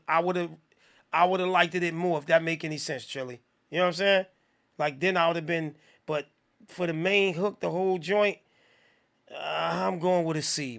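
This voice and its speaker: A man hosting a live music review stream, talking in a slangy, profane, rambling way and giving shout-outs to viewers. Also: on the high side, vocal fry. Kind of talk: casual live-stream commentary.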